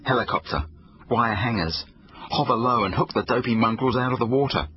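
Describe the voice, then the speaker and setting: A man reading his own children's book aloud, expressive storytelling. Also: medium pitch, brisk, dull audio. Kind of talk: audiobook narration for children.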